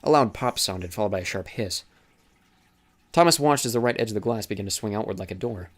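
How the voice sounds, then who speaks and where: A man narrating an audiobook in a steady, dramatic reading style. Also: lowish voice, a little fast. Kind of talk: scripted narration.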